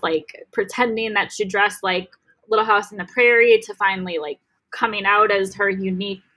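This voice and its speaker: Husky-voiced chatty woman podcaster. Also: mid-range voice, fairly bright tone, rough recording. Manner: chatty, lots of "like" fillers. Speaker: podcast co-host. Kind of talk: casual chat.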